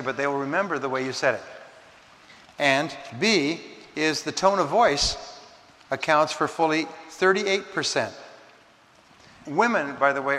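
A man giving a motivational seminar talk, lecturing in a measured, emphatic way and slowing down for key words. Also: fairly high pitch, sharp tone, big-room sound. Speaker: seminar speaker.

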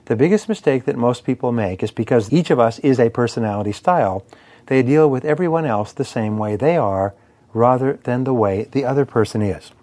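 Male speaker, motivational lecture, measured emphatic delivery, mid-range voice. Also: mid-range voice, warm tone. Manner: measured, emphatic, lists points in cadence. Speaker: speaker on persuasion and sales.

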